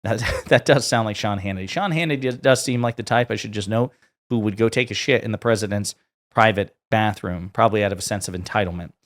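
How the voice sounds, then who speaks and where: A man with a slightly low voice hosts online political commentary. He reads quotes aloud, then adds blunt, sarcastic asides in a casual, offhand way. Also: fast talker, fairly bright tone.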